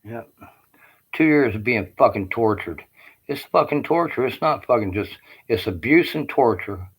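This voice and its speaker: A man's voice: medium pitch, lively intonation, a little slow, husky, low-quality recording. A man in his late fifties, an army veteran, ranting on in a rambling, aggrieved and heavily profane way. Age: 50s. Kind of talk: rambling personal rant.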